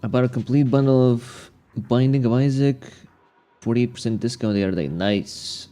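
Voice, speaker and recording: A man's voice: medium pitch, normal speed, dark tone. A young man streaming games, ranting casually, profane and exasperated, rambling with many restarts. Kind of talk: casual livestream rant.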